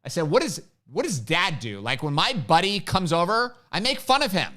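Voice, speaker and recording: A brash, joking man in middle age holds forth on a live podcast stream. His voice sits high and bright for a man, leaping up and down as he acts out his stories. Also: very animated, normal speed. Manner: brash, joking storyteller who acts out quotes. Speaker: podcast host, firearms instructor. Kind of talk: casual live-stream chat.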